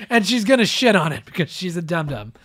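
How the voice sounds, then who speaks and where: A man's voice: high voice, very animated, fairly quick, a bit bright, no echo, clean studio sound. A man hosting a podcast, ranting sarcastically about the news in casual chat. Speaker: podcast host. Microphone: close studio mic.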